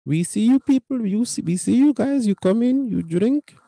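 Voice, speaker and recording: A man voicing an earnest male coffee shop clerk who lectures a customer with slow, caring warnings. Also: high-pitched, sing-song, mellow, no room sound, exaggerated voice.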